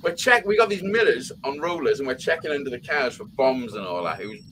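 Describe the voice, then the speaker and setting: A man's voice: medium pitch, animated, a little fast, noisy background. A man telling long, rambling anecdotes in casual chat, swearing constantly. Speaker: live show chat participant. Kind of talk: casual profane storytelling.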